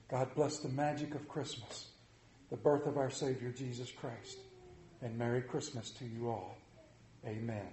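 A man's voice: medium pitch, steady tone, normal speed, mellow, echoey room, a little hiss or hum, poor audio. A male pastor reading a story aloud in church, then leading prayer in an earnest, rhythmic preaching cadence.

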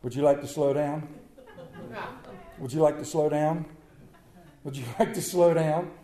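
A man's voice: a little high, steady tone, measured pace, warm tone, voice pushed down, natural voice. A man playing a stern male state trooper examiner who speaks formally and a bit sarcastically. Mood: dry. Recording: echoey room.

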